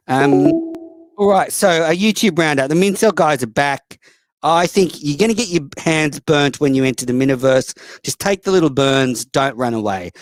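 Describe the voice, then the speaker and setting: A man's voice: fairly high pitch, no room sound. An Australian man hosting a casual call-in show, blunt, profane and mocking toward callers and other hosts. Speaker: host.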